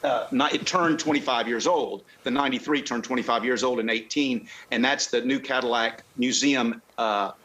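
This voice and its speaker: A man's voice: medium pitch, pushed and bright, poor audio. Rambling man on a video call. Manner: rambling, halting, with many restarts. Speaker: car club guest. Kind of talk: casual chat.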